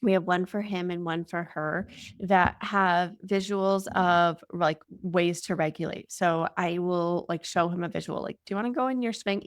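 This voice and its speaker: A young adult woman answering interview questions as a parenting guest, explaining in a casual, warm way with many filler words. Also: lowish voice, no echo, clean studio sound.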